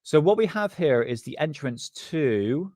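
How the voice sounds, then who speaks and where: A man's voice: on the high side, expressive, a little slow, darkish tone, no room sound, clean studio sound. A man hosting a live stream from his desk, casually chatting, joking, rambling and laughing often.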